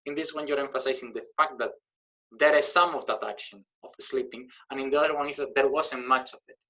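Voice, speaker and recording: Bright-voiced man teaching Spanish grammar. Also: mid-range voice, steady tone, fast, rough recording. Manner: thinking aloud with fillers, switching between Spanish and English. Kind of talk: explaining grammar lesson.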